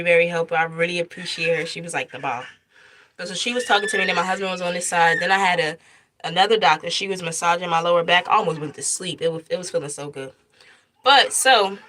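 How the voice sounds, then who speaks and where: Bright, animated young mother storytelling. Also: lowish voice, a little hiss or hum. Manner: animated retelling, acts out quoted lines. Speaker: mother telling her birth story. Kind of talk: casual storytime vlog.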